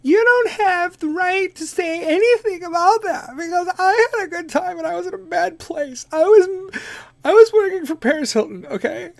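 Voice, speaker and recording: A man putting on the voice of a ditzy, whiny celebrity woman who asks slow, confused, defensive questions. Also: very high-pitched, creaky, no echo, pitched above the performer's own voice.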